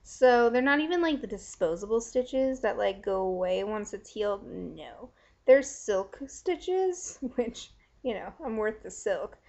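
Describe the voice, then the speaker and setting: A woman's voice: mid-range voice, sing-song, measured pace, a little mellow. A young woman talking frankly and casually to a friend in a video letter, giggling and filling her talk with "like". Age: young adult. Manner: chatty, frank, giggly, lots of "like" fillers. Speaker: vlogger. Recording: dull lo-fi webcam audio.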